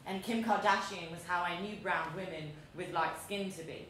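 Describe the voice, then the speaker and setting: A woman's voice: on the low side, fairly even intonation, moderate pace, fairly bright tone. Woman in her thirties with a London accent, reading in an echoey hall. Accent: London English. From London, England. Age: 30s. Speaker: author reading her essay. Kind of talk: live reading of a personal essay. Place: large echoey museum event space. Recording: very echoey room, faint background noise.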